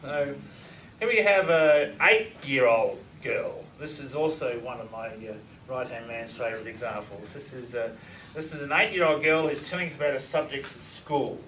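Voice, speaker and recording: A man giving a lively presentation to an audience, often asking them questions. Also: medium pitch, moderate pace. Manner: enthusiastic, asks the audience questions. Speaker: lecturer on reverse speech. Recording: echoey room, distant mic, faint noise.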